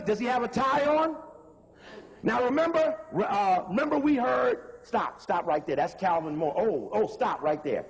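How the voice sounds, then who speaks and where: Brief: man with a high voice, emphatic lecture commentary on footage, reverberant hall. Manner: conversational, emphatic, repeats instructions to pause the tape. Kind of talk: lecture commentary over video clips.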